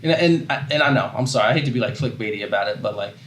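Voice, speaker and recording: A man's voice: mid-range voice, lively intonation, very fast, fairly bright tone, reverberant, a little hiss or hum. A man hosting a casual livestream, rambling and interrupting himself as he reads chat aloud. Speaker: host.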